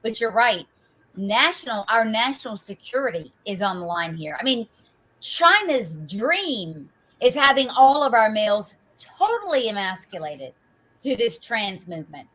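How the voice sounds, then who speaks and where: A woman's voice: a little high, sing-song, measured pace, a bit bright, low-quality recording. A woman hosting a political talk show and wrapping up the conversation. She speaks casually and conversationally, with plenty of fillers and rhetorical asides.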